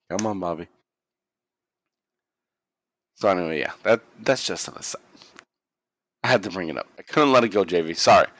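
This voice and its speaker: A man with a fairly low voice, recorded dry, co-hosts a podcast and recaps a wrestling story in loose conversation. He tells it with animation, curses freely, and performs the quoted lines himself.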